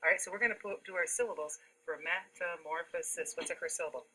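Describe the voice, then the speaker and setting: A woman teacher with a bright, somewhat low voice works with young students. She stretches words out slowly, syllable by syllable, and keeps them on task. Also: slightly rough, rough recording. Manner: slow, drawn-out sounding of syllables. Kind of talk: classroom reading instruction.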